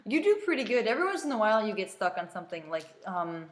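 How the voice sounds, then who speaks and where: A woman's voice: medium pitch, sing-song, fast talker. An American woman chatting casually as co-host, explaining things in a rambling, easygoing way. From United States. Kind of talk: casual chat. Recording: echoey room with faint hiss.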